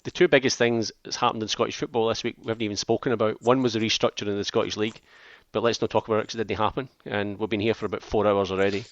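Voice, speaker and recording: Man, host, low voice, steers the chat, dry muffled audio. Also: little pitch movement, racing, hardly any pauses, no room sound. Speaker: podcast host. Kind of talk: casual football chat.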